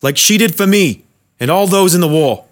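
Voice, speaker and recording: A man voicing a confused, tearful elderly war veteran in a spoken story, halting and raised in pitch. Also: animated. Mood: pleading.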